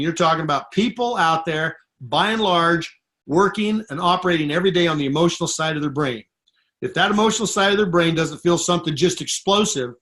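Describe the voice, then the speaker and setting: A man's voice: a little high, fairly bright tone. Emphatic man giving a sales pep talk. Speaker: network marketing distributor on a conference call. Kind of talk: motivational call talk. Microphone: phone call.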